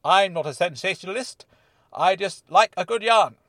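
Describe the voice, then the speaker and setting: An eager, chatty freelance reporter, played by a male narrator, jovial and a touch theatrical. His voice rides fairly high with lively swings in pitch. The sound is close and dry, like a storybook reading. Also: moderate pace, no room sound. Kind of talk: audiobook character voice.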